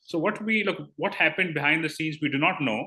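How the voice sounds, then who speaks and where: A man's voice: a little high, bright, forceful tone, low-quality recording. A man hosting a cricket podcast, handing questions to his panel. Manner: brisk, hands over questions. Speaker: podcast host. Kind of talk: podcast discussion.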